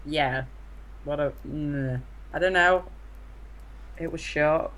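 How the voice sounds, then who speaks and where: A man's voice: on the high side, takes it slowly, pushed and bright. A man co-reviewing a film in casual chat, giving short, hesitant replies.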